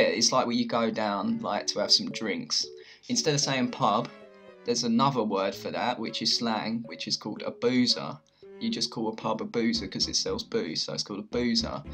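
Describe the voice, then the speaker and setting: A man's voice: on the low side, a bit bright. A young man with a London accent, explaining slang to camera in a loose, chatty way. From England. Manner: chatty, loose, with many "like"s and restarts. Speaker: video host teaching slang.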